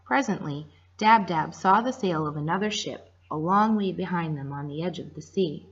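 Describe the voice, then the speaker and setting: Casting: gentle woman storyteller, husky, reading aloud for children, lo-fi sound. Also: lowish voice, moderate pace. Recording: dull lo-fi recording.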